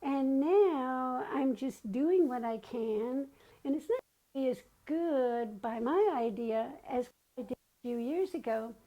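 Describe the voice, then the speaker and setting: As a guest, an older woman shares personal stories in a chatty manner, acting out remembered conversations. She has a high, warm voice at a measured pace, heard through a muffled recording.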